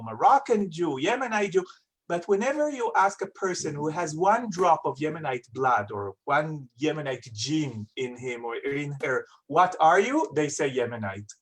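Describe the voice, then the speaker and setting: Animated man in his fifties. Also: on the high side, slightly rough. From Israel. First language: Hebrew. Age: 50s. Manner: animated storyteller, playful asides, repeats words for emphasis. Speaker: guest chef and author. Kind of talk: casual interview talk.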